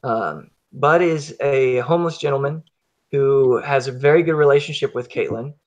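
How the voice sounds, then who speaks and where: A man narrating as game master of a tabletop horror game, talking haltingly with fillers and restarts. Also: mid-range voice, lo-fi sound.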